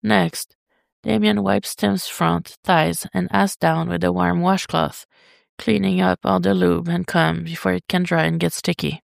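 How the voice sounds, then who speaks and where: A reader narrating a fan story as an audiobook, in an intimate, even delivery. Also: medium pitch, vocal fry, no echo, studio quality. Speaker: podfic reader.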